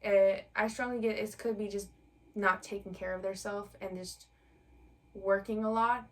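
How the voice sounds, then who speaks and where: A woman's voice: mid-range voice, steady tone, normal speed, recorded from a distance. A woman giving a collective tarot reading in a chatty, conversational way, with many fillers and direct address to the viewer. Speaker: tarot reader.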